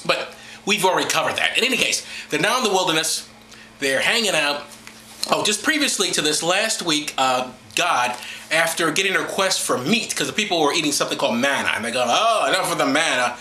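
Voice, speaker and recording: A man talks casually and irreverently, rambling and laughing as he mocks. His voice is lively, bright and sharp, a bit higher than most men's. The sound bounces around an echoey room with a faint hiss. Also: fairly quick. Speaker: host.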